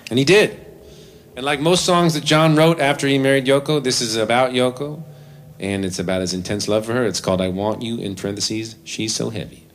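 A man performing live, telling a comic story between songs in an animated, self-deprecating way into a stage microphone. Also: medium pitch, a little fast, slight background noise. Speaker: comedic musician performing live. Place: live venue with audience.

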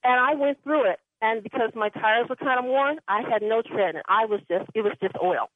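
A woman's voice: on the high side, normal speed, dry recording. A woman caller telling a rambling personal story, laughing now and then, heard over a phone line. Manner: chatty, rambling, laughs often. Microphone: telephone.

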